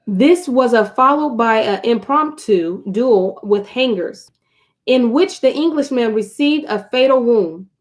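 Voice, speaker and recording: A woman's voice: on the high side, animated, measured pace. A woman hosting a casual live stream, reading a book aloud to her viewers, chatty and prone to digressions and asides.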